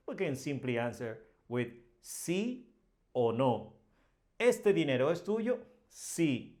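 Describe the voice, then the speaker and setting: Slow, patient male teacher. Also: mid-range voice, a little mellow. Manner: patient, repeats example sentences, modeling question intonation. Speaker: Spanish teacher. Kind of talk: slow explanatory language lesson.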